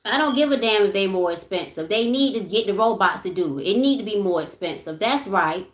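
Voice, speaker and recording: A woman's voice: medium pitch, animated, a little fast, reverberant. A woman hosting a casual livestream, talking bluntly with lots of swearing, moving between ranting and soothing her viewers. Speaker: livestream host.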